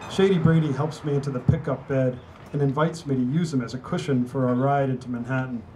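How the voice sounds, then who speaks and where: A man's voice: mid-range voice, steady tone, brisk, darkish tone, a little hiss or hum, low-quality recording. A man, an author, reading his novel aloud in a wry, conversational storytelling manner at a book party. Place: indoor venue at a book party.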